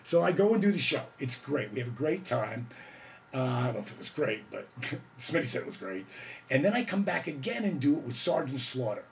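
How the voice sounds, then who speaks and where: Gravelly excitable man telling a story. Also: medium pitch, fairly quick, a little hiss or hum. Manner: excitable, shouts and whoops, acts out quotes. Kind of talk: casual storytelling.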